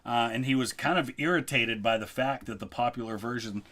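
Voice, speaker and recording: A middle-aged man chatting casually as a history video host, relaxed and thinking aloud with frequent ums. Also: medium pitch, a little fast. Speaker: history YouTuber, guest co-host. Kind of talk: casual ranking chat.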